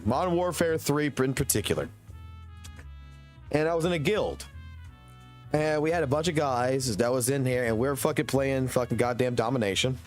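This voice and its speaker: A man in his thirties, speaking at an ordinary middle pitch, spins a long rambling story for his live stream viewers, with swearing in almost every line. Faint music plays underneath. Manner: profane, rambling anecdote-telling.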